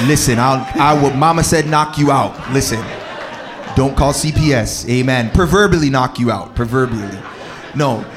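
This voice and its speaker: A man in his thirties co-hosting a casual chat about parenting and relationships, animated and slangy with preacher-like exclamations. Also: medium pitch, moderate pace, crowd noise, noisy background. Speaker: podcast co-host.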